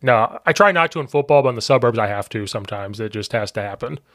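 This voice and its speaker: A man from Central Illinois with a Midwestern accent, hosting a podcast in a casual, chatty way, full of restarts and quick laughs. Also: medium pitch, lively intonation, a bit bright, no room sound, clean studio sound. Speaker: podcast host and football coach.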